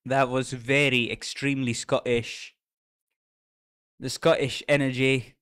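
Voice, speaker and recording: A man's voice: medium pitch, flat delivery, unhurried, a bit bright, clear, resonant tone. A young man streaming, chatting casually with his viewers, playful and often laughing. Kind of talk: casual live-stream reaction chat. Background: faint music.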